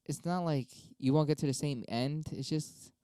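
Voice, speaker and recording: A young man rants his way through debate prompts on his own stream, swearing freely and arguing both sides. His voice is dark and smooth, and it sits dry and close to the mic. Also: a little high, moderate pace, dry recording. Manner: profane, rambling, argues both sides with himself. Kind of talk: casual solo monologue.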